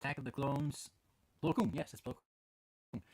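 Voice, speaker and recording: A man's voice: medium pitch, steady tone, normal speed, darkish tone, slightly rough, no room sound. A man hosting a podcast from home in casual chat, rambling with many fillers and restarts. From Canada. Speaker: podcast host. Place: at home with his dog.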